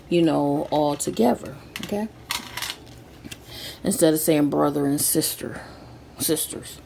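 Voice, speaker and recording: A woman's voice: low-pitched, unhurried, vocal fry, long pauses, mellow, a little hiss or hum. A woman telling a story in a casual, rambling way, with many fillers and restarts, speaking. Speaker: vlogger.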